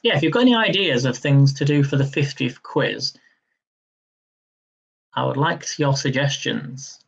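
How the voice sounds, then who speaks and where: A man's voice: medium pitch, a little slow, gravelly, slightly rough, highs cut off. A man hosting a live-stream quiz, chatty and upbeat, laughing easily as he reads questions and counts down. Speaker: quiz host.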